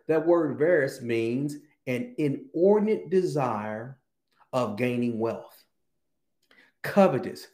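A man's voice: mid-range voice, warm tone. Emphatic male preacher in an echoey room. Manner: drawn-out emphatic reading of scripture, repeating phrases. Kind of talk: sermon.

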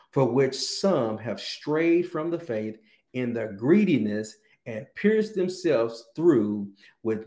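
A male preacher giving a sermon, reading scripture slowly and repeating key phrases for emphasis. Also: mid-range voice, dark tone, reverberant.

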